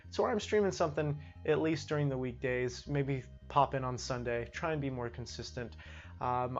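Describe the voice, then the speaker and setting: A man hosting a gaming show in casual livestream commentary. He sounds opinionated and frank and often repeats words as he restarts his sentences. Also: mid-range voice.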